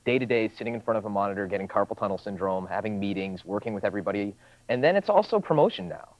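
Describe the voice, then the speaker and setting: Fast, casual man, lowish voice. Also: animated. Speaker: guest game designer. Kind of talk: TV interview. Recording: dull lo-fi archived TV broadcast with faint noise.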